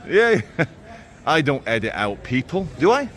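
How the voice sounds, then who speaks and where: A man's voice: on the high side, big pitch swings, slow, fairly bright tone. A man talking casually while vlogging on city streets with a handheld phone, rambling with sardonic asides. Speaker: vlogger host. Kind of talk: casual walking vlog narration. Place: outdoors on city streets and in a mall.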